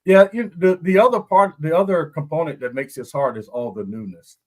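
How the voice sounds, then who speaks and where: A man, a former football lineman, breaking down a game on a podcast in animated, story-driven casual chat, laughing often. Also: fairly high pitch, brisk. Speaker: guest analyst, former NFL lineman.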